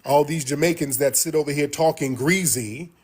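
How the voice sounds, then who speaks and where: A man's voice: fairly high pitch, normal speed, breathy edge. Blunt, dismissive man on a livestream. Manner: blunt, dismissive, repeats himself. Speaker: livestream host. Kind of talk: livestream commentary.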